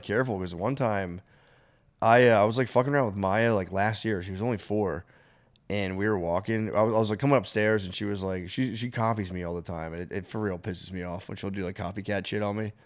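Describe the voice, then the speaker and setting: A man's voice: fairly low pitch, fairly quick. A man in his thirties hosting a casual podcast, telling family stories with lots of laughter and acted-out voices. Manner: animated storyteller, laughs often, acts out voices. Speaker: podcast host. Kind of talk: casual chat.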